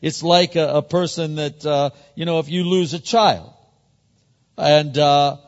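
A man preaches to his congregation in a loose, conversational way, restarting and repeating words as he builds toward a point. His voice sits fairly high for a man. The recording is muffled and carries a long reverb from a large hall. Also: fairly even intonation, measured pace. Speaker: pastor. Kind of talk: sermon.

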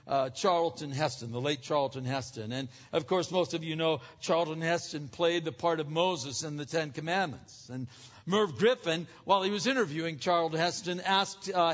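A man with a fairly high voice preaches a sermon in a loose, conversational way and puts questions straight to his congregation. His voice rings out in a reverberant church sanctuary. The recording is muffled and lo-fi. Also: a bit bright. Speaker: pastor.

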